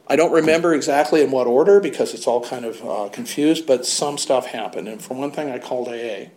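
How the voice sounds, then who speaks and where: A man with a medium-pitched, slightly mellow voice speaks fairly quickly as he candidly tells his own recovery story. He's blunt, swears casually, and uses wry, self-deprecating humor.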